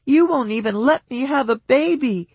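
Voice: medium pitch, expressive, moderate pace, slightly rough, dry recording. A narrator doing a tearful, hurt young wife. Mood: tearful anger. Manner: rising, pleading, tearful outbursts.

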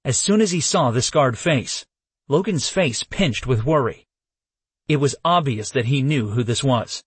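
A male narrator reads a first-person novel with a husky, slightly breathy voice. His pitch moves a lot, so the telling sounds lively, and the recording is dry and close with no room sound. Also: unhurried, no room sound. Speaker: audiobook narrator.

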